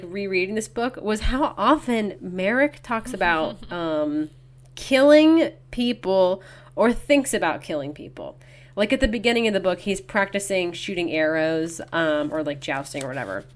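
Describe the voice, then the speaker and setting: A woman co-hosting a book podcast in casual chat, quickly quoting characters' lines as she talks. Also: medium pitch. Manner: chatty, acts out characters' lines in quotes. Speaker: podcast co-host.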